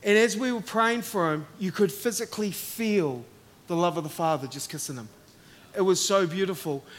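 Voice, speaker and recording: An Australian man preaching a sermon, telling stories and acting out the voices in them. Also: sits high. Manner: animated, acts out voices in anecdotes. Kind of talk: sermon with storytelling.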